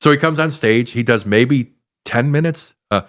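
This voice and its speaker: A man's voice: a little high, a little slow, fairly bright tone. A man in his sixties with a Chicago accent, a comedian telling rambling anecdotes as a podcast guest. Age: 60s. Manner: rambling anecdotes with hesitant fillers. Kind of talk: casual storytelling chat.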